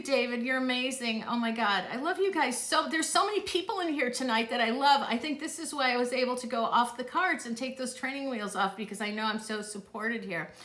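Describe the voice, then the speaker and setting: In an echoey room, recorded on a phone or tablet, a middle-aged psychic runs a live stream and takes questions. Her voice is a little high and a bit bright, and she gushes casually, gasping and laughing often.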